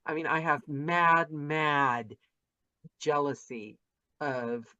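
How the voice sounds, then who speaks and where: A woman's voice: low-pitched, drawn-out words, bright, forceful tone, no echo. An enthusiastic woman hosts a casual chat over a video call, piling on praise and circling back mid-sentence. The sound is dry and a bit dull. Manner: effusive, chatty, rambling with restarts. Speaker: podcast host interviewing narrators.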